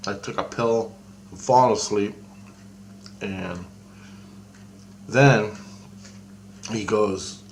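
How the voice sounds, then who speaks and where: A man with a fairly low voice tells a long personal story in a loose, casual way. He stops, restarts and circles back often, dropping in the odd swear word, with a faint hum under the recording. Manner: rambling and halting, with frequent restarts and casual swearing. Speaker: storyteller recounting a personal experience. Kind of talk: casual spoken anecdote.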